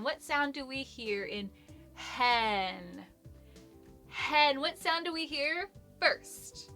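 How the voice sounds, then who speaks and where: Bright, slow-paced woman teaching phonics. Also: high voice. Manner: encouraging, slow and sing-song, praising often. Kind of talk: children's phonics lesson.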